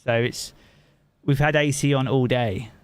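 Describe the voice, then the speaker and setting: A man's voice: medium pitch, fairly even intonation, measured pace, clean tone. A man from England with a Southern English accent, a game streamer chatting casually with his live chat and swearing freely.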